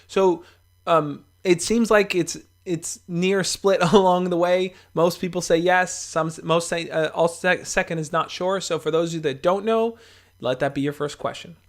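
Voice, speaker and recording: Young man, livestream host, fairly high voice, casual encouraging advice, fillers and restarts. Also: normal speed. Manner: relaxed, encouraging, talks to viewers directly with fillers and restarts.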